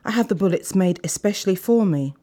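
Woman putting on a smooth menacing gangster, soft spoken, slick, cold. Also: medium pitch, expressive, a little fast, close to an everyday voice. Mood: silky. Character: cold, silky male crime boss.

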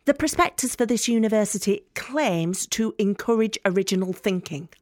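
A mouthy, angry young working-class student with a Northern English accent in a radio play, played by a woman. She is sardonic and blunt, and she swears freely. Her voice sits at a middle pitch, recorded dry and close. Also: lively intonation, moderate pace, no echo, lightly acted. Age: young adult. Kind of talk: radio drama monologue.

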